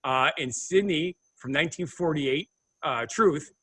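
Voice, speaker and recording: A man's voice: on the high side, measured pace, fairly bright tone, breathy edge. A man from the Midwest co-hosting a casual podcast, chatting and reading segments aloud. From American Midwest. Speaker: co-host.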